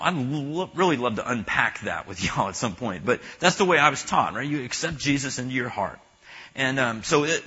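A man preaching in a loose, conversational way, stopping and restarting as he jokes with the people in front of him. His voice is bright and forceful, with a husky edge. The recording is muffled and lo-fi. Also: mid-range voice. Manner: halting and chatty, joking with the audience. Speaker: pastor. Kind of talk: conversational sermon.

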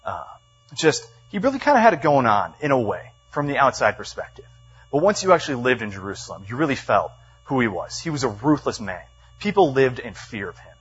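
A man delivering a storytelling sermon in a church meeting room, animated, with many fillers, acting out the quotes in his story. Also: mid-range voice, a little fast, slightly rough, muffled recording.

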